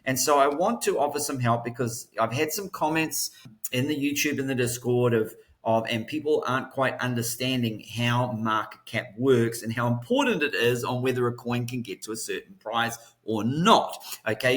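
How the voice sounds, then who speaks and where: A man's voice: mid-range voice, normal speed, a bit bright. A man hosting a crypto trading show, talking in a chatty, upbeat way with strong rhythmic emphasis. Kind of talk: casual market commentary.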